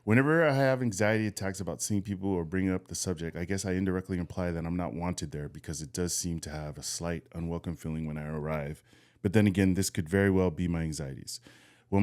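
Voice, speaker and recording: Deep-voiced man reading a story aloud. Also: a little mellow. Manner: laughs often, feigns not remembering. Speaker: podcast co-host. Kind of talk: casual chat, reading a listener story aloud.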